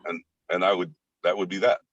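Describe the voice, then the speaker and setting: A man's voice: low voice, level tone, a little fast, a bit bright. A man, a former coach, talking bluntly and forthrightly on a video call. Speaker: course participant, former coach. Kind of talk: casual video call discussion. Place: in a car. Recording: dull lo-fi video call audio.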